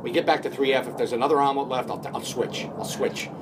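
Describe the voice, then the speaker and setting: A big, booming voice rattles along at a quick clip, as a man puts on a tall showman's impression. He dithers and thinks out loud. Steady noise hisses underneath. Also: close to an everyday voice. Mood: dithering. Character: loud showy tall man holding court on a plane.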